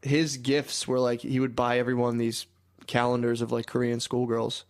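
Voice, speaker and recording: A man's voice: mid-range voice, monotone, moderate pace. A man in his thirties co-hosting a podcast, telling rambling, crude anecdotes in casual comedic chat. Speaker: podcast co-host.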